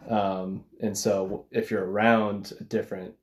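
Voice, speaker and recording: Deep voiced guy hosting a casual chat, calm, agreeable, lots of mm-hmms. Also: a little slow. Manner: calm, agreeable, short backchannels. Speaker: host. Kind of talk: casual conversation.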